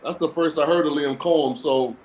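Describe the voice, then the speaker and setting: A man's voice: on the high side, fairly quick, a little mellow, slight background noise, low-quality recording. A man appearing as a guest on a sports talk show, giving blunt, sarcastic takes in a casual way. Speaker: guest football analyst. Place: lives in a cold-weather state.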